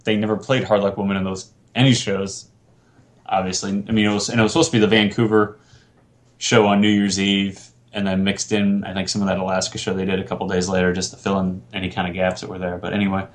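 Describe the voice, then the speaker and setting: A man's voice: low voice, little pitch movement, brisk. A man hosting a casual podcast chat, rambling with lots of fillers and restarts. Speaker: podcast host.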